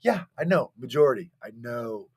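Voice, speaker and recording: A man's voice: a little high, expressive, normal speed, a bit bright. A man co-hosting a casual chat show, stammering and defending himself against teasing. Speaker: podcast co-host.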